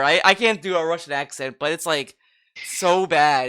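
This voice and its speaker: Bright, smooth-voiced man chatting casually. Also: fairly high pitch, normal speed. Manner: rambling, filler-heavy, frequent restarts. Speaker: podcast co-host. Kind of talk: casual chat.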